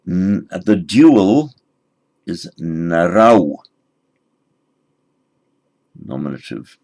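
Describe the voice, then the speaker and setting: A man teaching a recorded grammar lesson, explaining word forms patiently and spelling them out slowly. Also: low-pitched, lively intonation, creaky. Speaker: language teacher.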